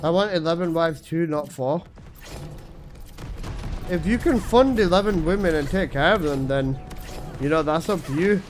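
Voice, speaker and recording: Guy, young, high-pitched voice, crude jokes, gaming stream chat, faint game music behind. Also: expressive, normal speed, pauses often. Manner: joking, crude, slangy, laughs at own jokes. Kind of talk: casual live-stream chat.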